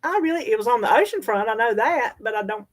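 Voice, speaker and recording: A woman's voice: on the high side, expressive, fast. A Southern woman hosting a livestream, chatting casually in a folksy, easygoing way and talking back to viewer comments. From North Carolina, US. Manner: folksy, chatty, laughs easily. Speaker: livestream host.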